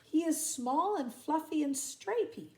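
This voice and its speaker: A frantic emu dad from a storybook, calling out high and loud with a lively, swooping voice, as a grandmother reads him aloud. The tone is warm and mellow underneath. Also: measured pace. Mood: urgent. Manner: urgent, calling out. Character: frantic male emu father searching.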